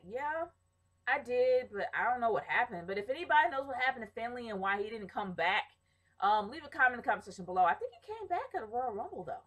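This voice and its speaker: A woman in her thirties talks casually to her camera as a vlogger, answering viewer questions one by one. She is chatty and opinionated, with plenty of ums and little restarts. Her voice sits in a middle pitch. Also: low-quality recording. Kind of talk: casual chat.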